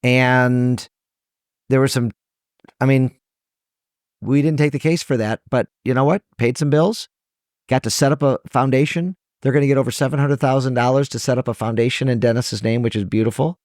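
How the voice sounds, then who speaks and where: A man's voice: medium pitch, fairly even intonation, normal speed, a little mellow, no echo, studio quality. A man, a trial lawyer guest on a podcast interview, speaking earnestly and emotionally, his voice rising when he stresses a point.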